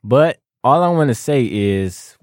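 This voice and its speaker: Young guy on a podcast, slangy and animated, dry close sound. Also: mid-range voice, measured pace, dry recording. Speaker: podcast co-host. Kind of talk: casual podcast chat.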